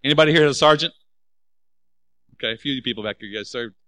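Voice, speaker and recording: Male pastor preaching, animated, lots of questions to the crowd, dry sound. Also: medium pitch, racing, no room sound, rough recording. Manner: animated, rhetorical questions to the congregation; acts out quoted voices. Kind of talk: sermon.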